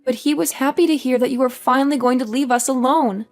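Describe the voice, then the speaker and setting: A woman's voice: high-pitched, fast, soft background music, close to an everyday voice. A woman voicing a spoiled, entitled sister-in-law who taunts with mocking laughs, in a dramatized story. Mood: taunting. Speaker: voice actor.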